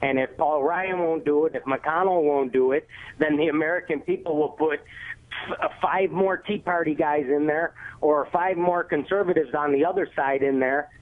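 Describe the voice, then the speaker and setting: A man's voice: a little high, steady tone, moderate pace. A man from the Cleveland area calling in to a radio show, laying out his points with confident insistence. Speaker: caller. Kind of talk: phone-in caller making a point. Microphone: telephone. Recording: tinny phone line.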